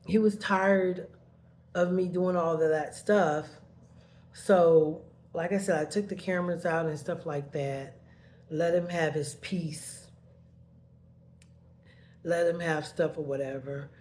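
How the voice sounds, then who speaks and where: A woman's voice: lowish voice, fairly even intonation, slow, pauses often, darkish tone, a little hiss or hum. A woman telling a painful personal story in a rambling way, heated at first and then subdued, sometimes tearful.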